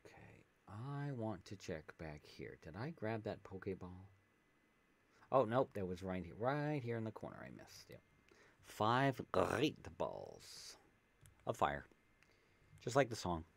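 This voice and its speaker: A man's voice: on the low side, sing-song, normal speed. A man streaming a video game, chatting casually and reading game text aloud with jokey asides, on a desk microphone. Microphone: desk USB microphone with pop filter.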